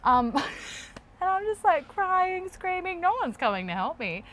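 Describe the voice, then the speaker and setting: A woman's voice: extremely high pitch, unhurried, a little hiss or hum. An Australian woman in her thirties, a mother co-hosting a casual family travel chat, telling stories with lots of laughter and "like" fillers. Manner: lively, laughs often, many "like" fillers. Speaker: co-host, mother. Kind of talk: casual chat, animated storytelling.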